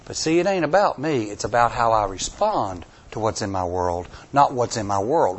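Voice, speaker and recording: Male pastor preaching, folksy, repeats himself a lot, goes from hushed to loud and back. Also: mid-range voice, big pitch swings, normal speed. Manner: dramatic swings from hushed to near-shouting; folksy, repeats lines for emphasis. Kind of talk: sermon.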